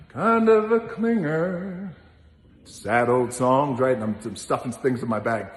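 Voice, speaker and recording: A man casually telling an anecdote as a guest, acting out other people's lines and swearing freely. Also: medium pitch. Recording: roomy hall with long reverb.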